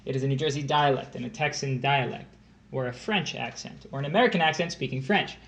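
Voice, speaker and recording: A man's voice: medium pitch, fast, fairly bright tone. A man co-hosting a livestream, trading dry, wry comebacks in casual banter. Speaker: co-host.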